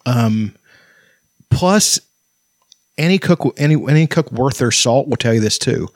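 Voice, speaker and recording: A man's voice: medium pitch, lively intonation, unhurried, dry recording, studio quality. A man in casual chat who swears freely, tells rambling stories and laughs often.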